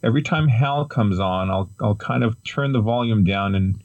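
A man co-hosting a podcast, chatting about films in a lively, jokey way. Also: normal speed, dry recording, lo-fi sound. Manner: lively, jokey, sweeping pitch. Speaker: podcast co-host. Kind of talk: casual chat about films.

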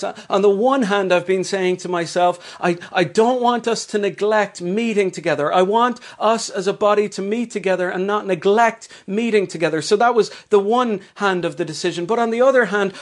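High-voiced Irish pastor preaching. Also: male voice. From Ireland. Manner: slows down to stress scripture, asks rhetorical questions. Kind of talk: sermon.

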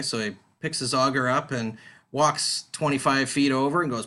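Bright-voiced man telling a story. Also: medium pitch, steady tone. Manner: halting storyteller with many fillers. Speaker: podcast guest. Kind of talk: casual interview chat.

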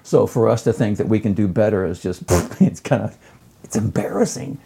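A man's voice: fairly low pitch, moderate pace, creaky, background noise. A middle-aged man, a chef and lecturer, telling stories effusively in a casual conversation. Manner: effusive, animated storytelling.

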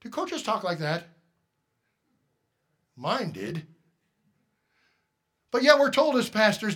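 A man's voice: high-pitched, very animated, slow pace, long pauses, a bit bright. A man preaching a sermon as pastor, emphatic and direct, firing rhetorical questions at the congregation.

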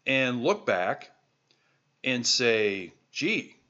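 A man's voice: mid-range voice, animated, unhurried, fairly bright tone, dull audio. A man from the American heartland hosting a podcast, talking listeners through a monologue in an emphatic, exhorting way with lots of repeated rhetorical questions. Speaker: podcast host.

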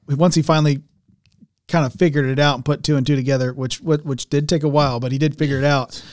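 A fairly high-voiced man hosts a podcast. He tells a family story with lots of restarts, fillers and chuckles, and then he reads a news item in the same loose, casual way. The sound is dry and close, with no room echo. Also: fairly even intonation, fast, a little mellow. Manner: rambling storyteller with many restarts and laughs. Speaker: podcast host. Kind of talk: casual chat and news reading.

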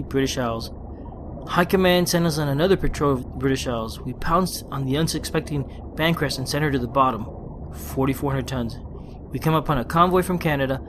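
A man on the high side hosts a solo gaming podcast over a noisy background. Casual podcast chatter with quick restarts gives way to him reading a war story session report aloud in his own plain voice, no accents.

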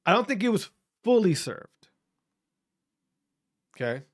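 Slow, animated, blunt ranting voice. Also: medium pitch. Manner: emphatic, repeats rhetorical questions; blunt, swears for emphasis. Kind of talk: opinion rant to camera.

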